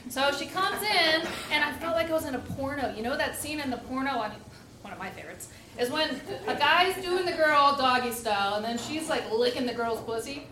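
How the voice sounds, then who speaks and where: Fairly quick and animated, a woman with a high voice giggles her way through a candid, funny story told casually, saying "like" frequently. She's recorded in an echoey space with background noise.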